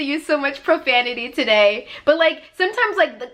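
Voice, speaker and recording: High, bright-voiced woman preaching hard. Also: expressive, fairly quick. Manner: emphatic and preachy, acting out God's voice with loud high swoops; repetitive, conversational, with frequent "like". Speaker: life coach and podcast host. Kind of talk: motivational spiritual talk.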